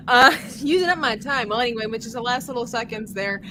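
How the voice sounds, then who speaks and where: A woman's voice: fairly high pitch, expressive, moderate pace, crowd noise. A young woman co-hosting a podcast, chatting casually and rambling with restarts. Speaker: podcast co-host. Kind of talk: casual chat.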